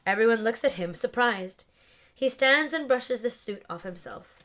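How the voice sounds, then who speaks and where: A woman with a fairly high voice reads a stage play aloud. She says the stage directions softly and then gives voice to each character in turn. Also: animated, moderate pace. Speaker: reader. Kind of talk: audiobook-style reading of a play script.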